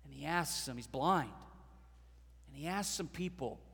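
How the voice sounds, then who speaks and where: A man preaching a sermon as pastor, swelling into dramatic, loud passages and acting out voices from the stories. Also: fairly high pitch, animated, measured pace, gravelly, slightly rough, long reverb tail.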